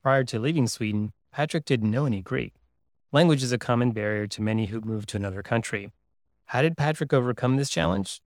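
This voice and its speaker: A male interviewer delivers scripted narration and questions at a measured pace. His voice sits at an ordinary middle pitch and is recorded dry and close. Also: no room sound.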